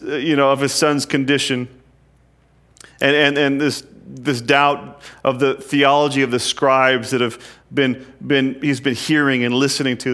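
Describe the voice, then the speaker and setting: A man's voice: medium pitch, a bit bright. A man preaching an expository sermon, reading verses aloud and explaining them earnestly, at times rising to emphatic peaks.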